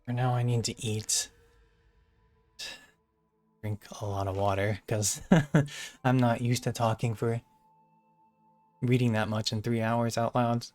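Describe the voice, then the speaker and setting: A man chatting casually as a game streamer, rambling and joking, his voice going hoarse. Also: medium pitch, level tone, slow, pauses often, darkish tone, soft background music. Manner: rambling, jokey sign-off.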